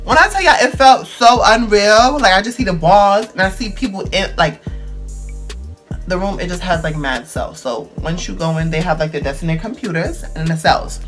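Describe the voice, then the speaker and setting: A young man, telling a dramatic storytime vlog in slangy, animated speech. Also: sits high, normal speed, soft background music. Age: 20s. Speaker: vlogger.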